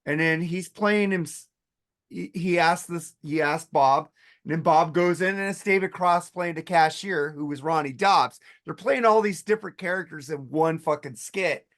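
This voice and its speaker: Animated, higher-voiced man retelling sketches. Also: normal speed. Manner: animated storyteller, acts out sketch voices, swears freely. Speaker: podcast co-host. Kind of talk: casual chat.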